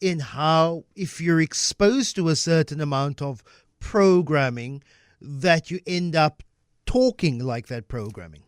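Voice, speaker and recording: A South African man hosting a morning radio talk show, speaking in an animated, conversational way into a studio microphone. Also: a little high, unhurried, smooth, no echo.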